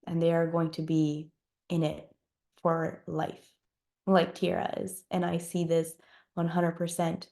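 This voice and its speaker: A woman's voice: deep voice, completely flat delivery, measured pace, vocal fry, dark tone. A woman on a team call speaking in an earnest, reflective and encouraging way. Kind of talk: personal testimony on a team call.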